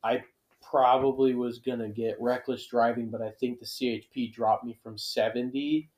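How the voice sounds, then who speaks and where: A man's voice: medium pitch, little pitch movement, moderate pace, darkish tone, echoey room. A man in casual chat, chiming in conversationally.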